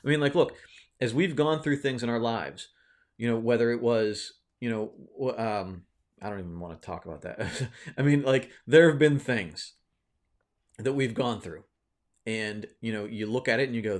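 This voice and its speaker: At normal speed and in a mid-range voice, a man hosting his own video relates a personal story loosely. He rambles with plenty of fillers and restarts, often asks "right?", and comes across as reflective and encouraging.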